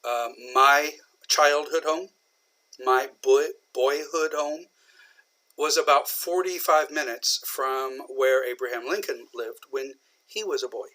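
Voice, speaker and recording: A man from southern Indiana, patiently explaining an English idiom in a recorded lecture, with many pauses and fillers. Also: medium pitch, pushed and bright. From southern Indiana, USA. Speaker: English teacher.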